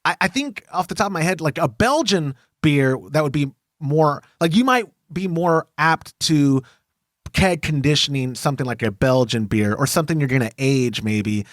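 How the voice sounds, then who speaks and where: Lively Texan man hosting a podcast. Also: on the high side, moderate pace, no echo, clean studio sound. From Texas. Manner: lively, jokey, reads listener emails aloud. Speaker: podcast host. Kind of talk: casual podcast chat.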